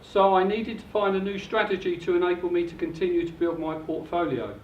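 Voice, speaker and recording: High-voiced older man pitching in an echoey hall. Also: steady tone, a little fast, recorded from a distance, a little hiss or hum. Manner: upbeat, salesy pitch. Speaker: property seminar presenter. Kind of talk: seminar presentation. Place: hotel function room. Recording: echoey dull room recording from afar.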